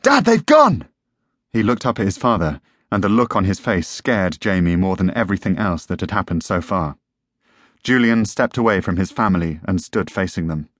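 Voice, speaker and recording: A man's voice: deep voice, a little fast, dry recording, clean studio sound. A man narrating a tense story as an audiobook reader. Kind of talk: scripted narration.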